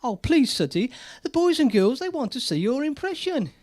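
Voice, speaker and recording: A man's voice: sing-song, normal speed. A man doing a gushing kids' TV presenter. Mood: sing-song. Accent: British. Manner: sing-song, coaxing, very high and loud.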